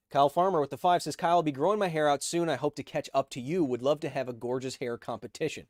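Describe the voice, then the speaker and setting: A man's voice: fairly high pitch, fast, few pauses, darkish tone, dry recording, clean studio sound. A man hosting a casual livestream, reading out viewer donations and answering them with playful, self-mocking jokes.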